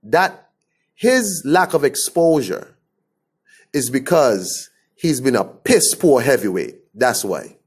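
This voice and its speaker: A man's voice: mid-range voice, very animated, slow pace, breathy edge. A man from the Caribbean giving a blunt, scornful opinion rant to camera. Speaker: commentator.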